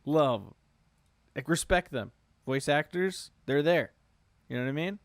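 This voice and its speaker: A man hosts a casual nerdy podcast, laid-back and quick to laugh. His voice is smooth and clear, recorded close and dry with no room sound. He swears casually as he chats. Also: fairly high pitch, no echo. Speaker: podcast host. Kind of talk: casual chat.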